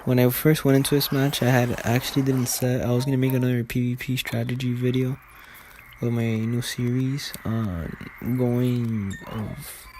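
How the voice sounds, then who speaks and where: A man's voice: medium pitch, level tone, moderate pace, a little mellow, slight background noise. A man giving casual, rambling commentary over a game video, full of fillers and restarts.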